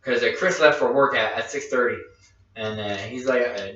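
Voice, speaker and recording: A man tells a long personal story, stumbling over restarts and acting out what others said. His voice is bright and carries. It comes from a distance in a very echoey room through a dull, lo-fi mic. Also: fairly low pitch, steady tone, moderate pace. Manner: rambling anecdote with quoted dialogue and restarts. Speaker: podcast host. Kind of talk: casual storytelling chat.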